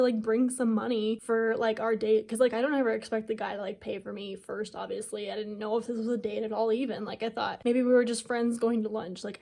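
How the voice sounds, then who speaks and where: A woman's voice: fairly high pitch, a little mellow. A young woman in her twenties, a YouTuber telling a casual storytime, chatty and self-mocking with constant "like" fillers.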